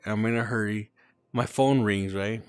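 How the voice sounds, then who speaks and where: A man's voice: lowish voice, fairly even intonation, moderate pace, clean tone. A man hosting a podcast, tipsy from drinking, telling a story in a loose, swearing, emotional way. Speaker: podcast host. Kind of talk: casual chat.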